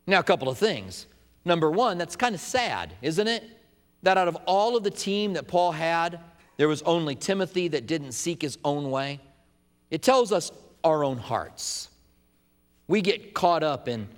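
A man's voice: high-pitched, very animated, normal speed, long reverb tail. A man preaching a sermon as pastor, with an emphatic, repetitive cadence.

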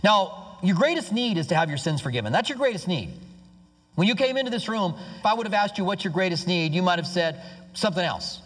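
A man preaching a sermon as pastor, emphatic, dropping to hushed low tones and rising to excited outbursts. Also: a little fast. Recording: long hall reverb.

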